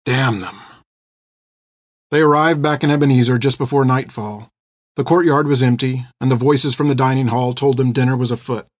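A man reads a story aloud as an audiobook narrator, using a steady, measured voice in the mid range for scripted narration. The recording is dry and of studio quality.

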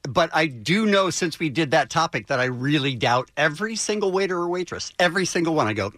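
A man hosts a morning radio show, keeping the banter moving and taking listener calls. His voice is bright and lively, with a lot of swing in the pitch. The studio sound is dry and close. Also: brisk, no room sound. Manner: animated, prompting host who takes calls.

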